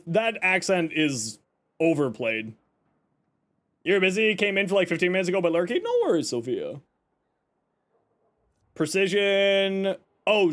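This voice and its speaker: A man from Canada live-streaming, chatting with viewers and reacting with joking exasperation. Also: high voice. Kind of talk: casual live-stream chat.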